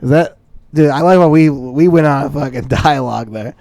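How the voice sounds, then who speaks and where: A man's voice: fairly high pitch, a little fast, dark tone, no echo. A young man from the upper Midwest co-hosting a podcast, rambling in a mock-serious, swearing comedic chat. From upper Midwest of the United States. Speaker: podcast co-host.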